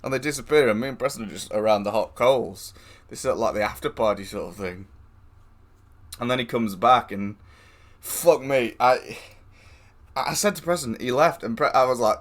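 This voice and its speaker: A man's voice: mid-range voice, a little slow, pauses often. A man streaming live, telling a rambling anecdote with lots of swearing, laughing and quoted voices. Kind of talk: casual storytelling.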